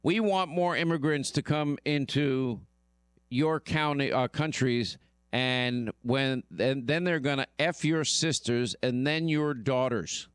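A man's voice: mid-range voice, takes it slowly, clear, resonant tone, no echo, clean studio sound. A male radio talk show host giving emphatic commentary and often repeating himself.

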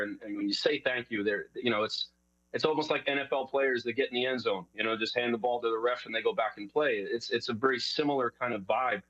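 Middle-aged New Yorker guest, quick and rambling, on a dull lo-fi line. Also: male voice, mid-range voice, a bit bright, no room sound. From New York. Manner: rambling, many fillers and restarts. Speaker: guest, show host. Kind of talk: casual interview talk.

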